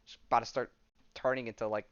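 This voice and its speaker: A man's voice: mid-range voice, little pitch movement, fast talker, smooth, no room sound, dull audio. A male podcast host casually retelling a comic story, reading the dialogue aloud with lots of fillers and swearing.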